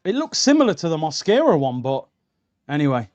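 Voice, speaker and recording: Fairly quick and very animated, this young man's slightly high, darkish voice comes across as dull audio on a streaming mic. He hosts a live football watchalong, reacting heatedly and addressing viewers as lads and bro.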